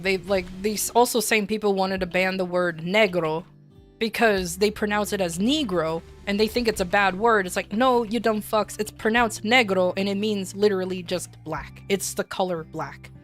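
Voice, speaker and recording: A woman streamer chatting casually and telling a story, blunt and profane, laughing often and acting out shouted lines. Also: medium pitch, steady tone, moderate pace, soft background music. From desert region. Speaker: VTuber streamer.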